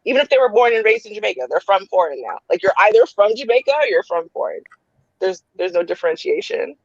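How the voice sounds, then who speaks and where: A woman's voice: medium pitch, fast, dry recording, dull audio. A woman raised in Canada, hosting a casual chat and telling stories with frequent laughs. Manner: laughs often, relaxed storytelling. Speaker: podcast host.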